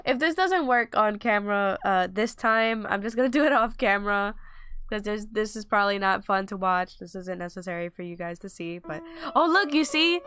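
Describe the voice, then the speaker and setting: A woman's voice: mid-range voice, lively intonation, normal speed, a bit bright, smooth. A young woman casually commenting on her gameplay, rambling and breaking into panicked outbursts. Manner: rambling, chatty, bursts into panicked exclamations. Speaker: let's play gamer. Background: game music.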